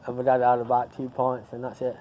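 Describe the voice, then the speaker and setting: A man's voice: mid-range voice, completely flat delivery, fairly quick, dark tone, muffled recording, slight background noise. A man chatting casually to camera in a vlog, rambling and repeating himself as he loses his thread. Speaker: vlogger.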